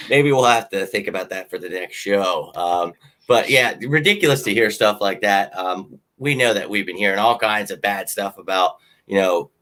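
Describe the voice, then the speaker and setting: A man hosting a casual sports talk show, animated and jokey. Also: on the low side, moderate pace. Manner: animated, jokey fan banter. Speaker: podcast host.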